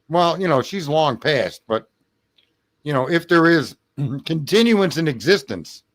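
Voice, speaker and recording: A man hosting a late-night livestream, telling a rambling story with lots of swearing, laughter and throat clearing. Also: fairly high pitch. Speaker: livestream host. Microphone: home streaming mic.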